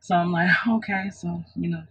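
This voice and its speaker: A woman's voice: lowish voice, fairly even intonation, a little slow, husky, poor audio. A woman vlogger telling a personal story in an earnest, reflective way, often restarting her sentences.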